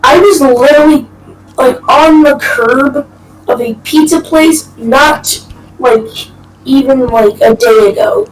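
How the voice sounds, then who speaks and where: A woman's voice: high voice, slow pace, echoey room, distant mic, low-quality recording. A woman playing along in a role-play game, incredulous and exasperated. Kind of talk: casual role-play banter.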